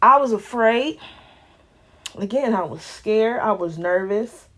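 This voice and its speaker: A woman's voice: medium pitch, lively intonation, slow pace, sharp tone. A woman vlogger giving an emotional personal testimony in candid, casual slang.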